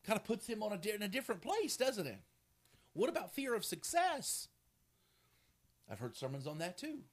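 A man preaching a sermon as a pastor, telling a story with animated energy and laughter. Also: high voice, moderate pace.

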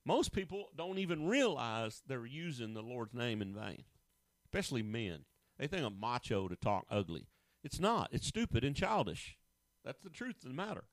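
A middle-aged man delivers a sermon, punching key words and firing rhetorical questions in a plain, folksy manner. His voice sits at an ordinary male pitch and sounds close and dry, with almost no room around it. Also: big pitch swings, moderate pace, no room sound. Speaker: pastor.

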